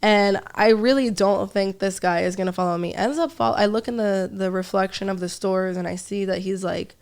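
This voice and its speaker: A woman comedian telling stories in a casual podcast chat, swearing freely as she goes. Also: medium pitch. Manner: lively storyteller, curses freely. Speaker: comedian guest.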